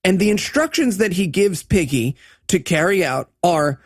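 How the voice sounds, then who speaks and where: A man's voice: sits high, animated, moderate pace, dry recording. A man co-hosting a comedy podcast who mocks a bad movie and laughs often. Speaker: podcast co-host. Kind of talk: casual comedic movie riffing.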